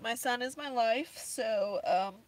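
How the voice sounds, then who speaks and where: A woman's voice: a little high, slow. A woman hosting a casual livestream from her minivan, chatty and openly emotional. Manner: chatty, emotional, laughing through tears. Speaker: vlogger host. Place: inside a minivan.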